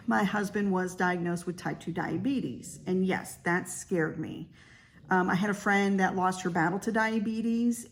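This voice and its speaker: A woman in her fifties talking candidly in a casual personal vlog, chatty with frequent fillers. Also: lowish voice. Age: 50s. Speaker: vlogger; realtor.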